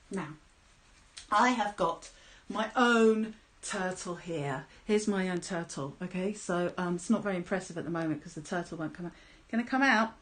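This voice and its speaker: A woman telling a story live to children in a playful, animated way, with sound effects and calls to join in. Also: on the low side, normal speed. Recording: roomy echo.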